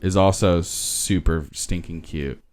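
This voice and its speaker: A man's voice: sits low, steady tone, slow, darkish tone, clean tone. A man co-hosting a podcast, chatting casually and enthusiastically, laughing and swearing often. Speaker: podcast co-host. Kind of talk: casual chat.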